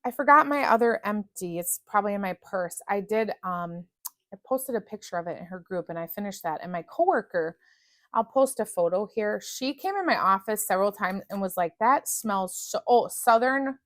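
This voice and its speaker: A woman's voice: mid-range voice, lively intonation, brisk, fairly bright tone, no room sound. A woman talks casually about scented wax melts, gushing and restarting sentences as she goes. Her voice sits in the middle of the usual range, and the sound is dry and close. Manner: chatty, gushing, restarts often. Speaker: wax melt reviewer. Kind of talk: casual product review chat.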